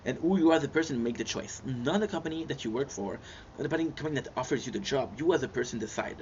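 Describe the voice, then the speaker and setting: A man's voice: medium pitch, lively intonation, fast talker, a little mellow. A male gaming streamer, chatting casually and jokingly with his viewers and calling them bro. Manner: rambling, jokey, calls people bro. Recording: slightly muffled, faint background hiss.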